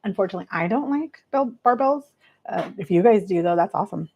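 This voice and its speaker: A woman's voice: medium pitch, animated, fast talker, darkish tone, husky. A woman in her forties from California, chatting casually with viewers on a livestream and laughing often. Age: 40s. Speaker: livestream host. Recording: slightly dull lo-fi sound.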